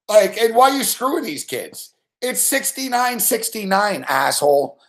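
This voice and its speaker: A man's voice: sits high, sing-song, normal speed. A young man hosting late-night sports betting commentary, ranting angrily and swearing at a referee. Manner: profane angry ranting.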